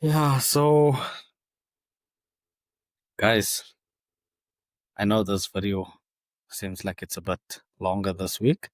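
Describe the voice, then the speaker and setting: Chatty low-voiced man with dry sound. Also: flat delivery, takes it slowly, pauses often, dry recording. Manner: chatty, exasperated asides, stumbles over names. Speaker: football podcast host. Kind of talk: casual monologue on transfers.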